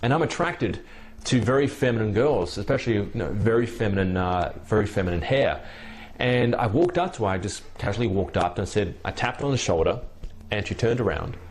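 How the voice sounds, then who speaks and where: A man's voice: on the low side, fairly quick, slight background noise. A young man coaching on dating, telling a long anecdote in a casual, rambling way with many restarts. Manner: rambling, with frequent restarts and repeated words. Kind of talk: casual storytelling and advice.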